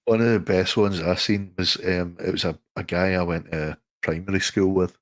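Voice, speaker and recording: A man's voice: low voice, fairly even intonation, normal speed, no room sound. A Glaswegian man co-hosting a live stream, telling stories in casual chat, swearing and laughing often. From Scotland.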